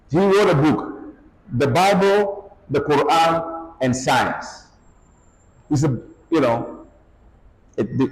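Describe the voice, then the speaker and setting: A man preaching with lively, swooping pitch and emphatic bursts of force, his voice sitting a little high. He is heard in an echoey hall with long reverb and a faint hum of background noise. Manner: animated, emphatic preaching with frequent exclamations. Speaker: Islamic lecturer. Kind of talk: religious lecture.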